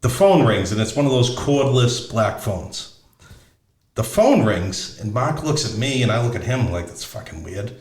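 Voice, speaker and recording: A man's voice: medium pitch, sing-song, a little slow, darkish tone, reverberant. A middle-aged man telling a story casually, blunt and profane, often restarting as he searches for words. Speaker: podcast host.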